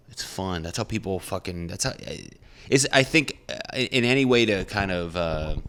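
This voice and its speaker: Low-voiced man rambling, swearing freely. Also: fairly bright tone. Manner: rambling, profane, self-reflective. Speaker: comedian and podcast host. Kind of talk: casual solo podcast monologue.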